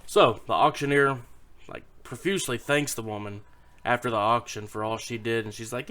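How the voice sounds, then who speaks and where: A man's voice: mid-range voice, normal speed, pushed and bright. A man casually telling a rambling, swearing joke to camera at home, with his daughter on his lap. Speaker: YouTube joke teller.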